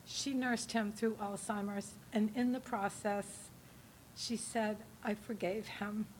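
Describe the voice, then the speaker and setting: A woman's voice: on the high side, slight background noise. A woman telling her story casually to a live audience, rambling and laughing often, with lots of fillers. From New Hampshire. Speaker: speaker giving a testimony talk.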